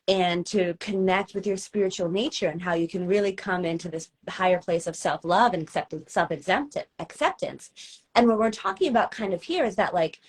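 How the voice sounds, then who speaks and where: A woman hosting a podcast, reflective in casual interview chat, thinking aloud with pauses. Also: fairly low pitch, slightly rough. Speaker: podcast host.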